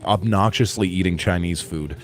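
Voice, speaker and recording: Laughy guy hosting morning radio, lowish voice, rambly stories. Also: normal speed. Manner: chatty storyteller, laughs often. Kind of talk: casual morning radio banter.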